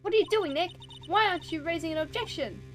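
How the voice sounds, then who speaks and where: A woman voicing an earnest young female spirit medium who pleads in a high, urgent voice, with game music behind. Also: quick pace. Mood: pleading.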